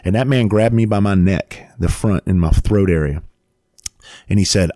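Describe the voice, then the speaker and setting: A man and father telling a story in casual chat, animated and swearing freely, laughing as he goes. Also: sits low, moderate pace, no echo, studio quality.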